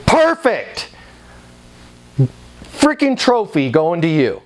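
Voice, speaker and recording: A man's voice: high-pitched, huge pitch swings, takes it slowly. A man teaching a seminar on answering the phone in leasing sales, emphatic and fired up, driving his points home with repetition.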